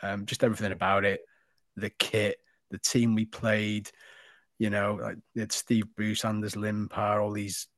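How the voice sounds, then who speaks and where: A man's voice: fairly low pitch, completely flat delivery, moderate pace, fairly bright tone, dry recording. Chatty man, dry close sound. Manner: chatty storyteller, swears casually. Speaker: podcast co-host. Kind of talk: casual chat.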